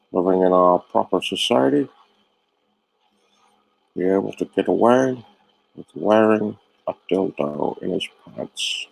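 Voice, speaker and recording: A man's voice: fairly low pitch, vocal fry, darkish tone, no echo, pitched below the performer's own voice, heavily acted, poor audio. A man playing a pompous courtroom prosecutor. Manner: pompous, orating.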